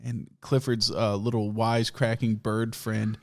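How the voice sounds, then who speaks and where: A male podcast host tells rambling, profane comic stories, laughing often. His voice is fairly low, his delivery flat and unhurried, in a casual comedic storytelling style.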